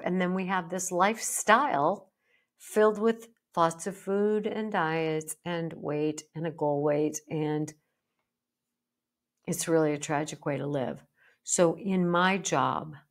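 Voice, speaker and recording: Woman host, psychologist, slightly low voice, emphatic and fired up, breaks into mock quotes. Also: unhurried, a bit bright. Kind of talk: podcast monologue.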